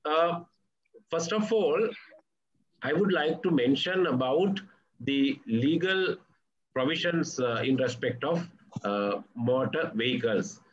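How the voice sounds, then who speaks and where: A man, giving a formal presentation as a police official, in a halting delivery full of fillers. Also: a little high, expressive. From Sri Lanka. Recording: dull lo-fi audio with faint background noise.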